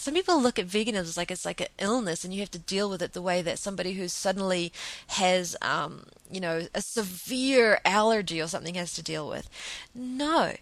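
Woman, mid-pitched, podcast host, earnest off-the-cuff monologue, dry close mic. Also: fairly bright tone, dry recording. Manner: earnest, repeats words while thinking aloud.

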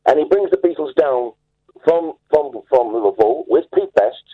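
Male phone-in caller, husky voice through a thin phone line, eager and rambling. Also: fairly high pitch, big pitch swings, moderate pace. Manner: enthusiastic, rambling, self-assured. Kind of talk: phone-in storytelling. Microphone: telephone.

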